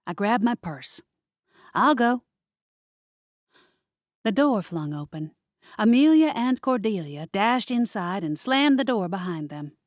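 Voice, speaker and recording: Lively woman narrating an audiobook. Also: medium pitch, moderate pace, no echo. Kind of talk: scripted first-person audiobook narration.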